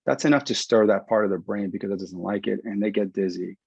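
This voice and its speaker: Husky clinician guy explaining concussion rehab on a webinar, animated, dull lo-fi dry audio. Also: lowish voice, fast, dry recording. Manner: animated, explanatory, acts out patient quotes. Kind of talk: webinar presentation.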